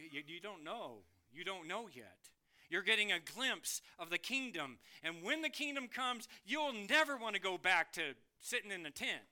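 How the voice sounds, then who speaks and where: A man preaching a sermon, lively and questioning, reading scripture aloud and asking the congregation questions. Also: fairly high pitch. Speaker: pastor.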